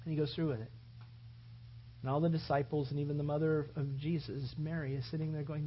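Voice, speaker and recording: A preacher delivering an impassioned sermon full of rhetorical questions, swinging from loud appeals to hushed reflection. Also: medium pitch, flat delivery, a little fast, highs cut off, a little hiss or hum.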